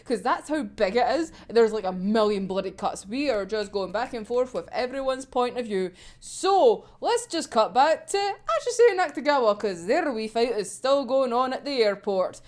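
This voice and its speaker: A woman's voice: fairly high pitch, lively intonation, normal speed, hardly any pauses. A young woman ranting casually through a manga chapter recap, swearing freely and laughing often. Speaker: manga reaction vlogger.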